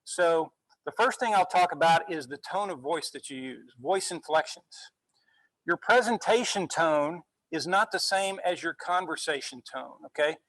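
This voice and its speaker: A male university instructor giving a relaxed classroom lecture, often checking in with "okay?" as he goes. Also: a little high, measured pace, no echo, poor audio. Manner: conversational, frequent "okay?" check-ins.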